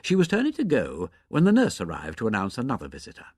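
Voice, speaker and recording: Expressive male audiobook narrator. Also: medium pitch, fast talker, breathy edge, no room sound, clean studio sound.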